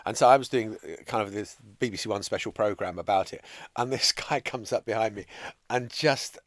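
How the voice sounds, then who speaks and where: A man's voice: on the low side, a little fast, no room sound. A man co-hosting a live news podcast Q&A in a studio, telling anecdotes in a wry, understated way. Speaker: podcast co-host. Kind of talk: casual live Q&A chat.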